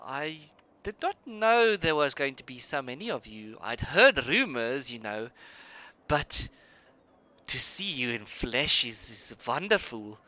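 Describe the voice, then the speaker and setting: A man's voice: mid-range voice, very animated, takes it slowly, bright, forceful tone, muffled recording, exaggerated voice. A man voicing a friendly, chatty young female tavern keeper who gushes over her guests. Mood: gushing. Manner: gushing, chatty, overly welcoming.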